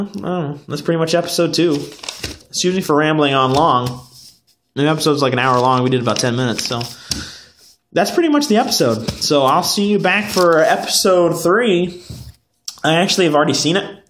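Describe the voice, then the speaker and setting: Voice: mid-range voice, noisy background. A podcast host recapping a TV episode in a rambling, profane way, often drifting off into tangents and talking straight to the camera.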